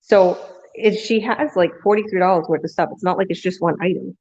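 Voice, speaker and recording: A woman's voice: lowish voice, fairly quick, a little mellow, dull audio. Woman rambling through a story. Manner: rambling anecdote with restarts and acted-out quotes. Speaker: vlogger. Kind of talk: casual storytelling.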